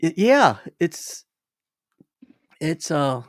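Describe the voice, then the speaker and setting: A man's voice: on the high side, big pitch swings, drawn-out words, no echo, studio quality. An older man hosting a livestream, telling rambling stories with repeated words and chuckles. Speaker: livestream host. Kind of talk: casual storytelling.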